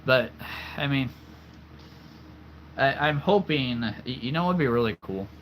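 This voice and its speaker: A man's voice: medium pitch, expressive, unhurried, a bit bright, a little hiss or hum. A man chatting casually on a livestream, answering viewers with frequent laughter while losing his voice. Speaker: livestream host.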